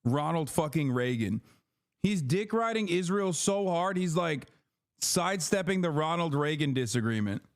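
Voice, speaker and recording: A man's voice: fairly high pitch, animated, normal speed, no echo, studio quality. A man streaming, reacting to a news clip with profane, sarcastic and incredulous casual commentary.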